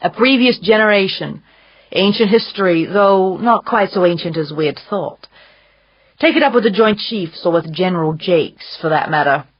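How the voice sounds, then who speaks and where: Female narrator reads a worldly, condescending man who drawls his lines; low and husky. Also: moderate pace, lo-fi sound, lightly acted. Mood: wry. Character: amused, urbane older man, teasing and worldly.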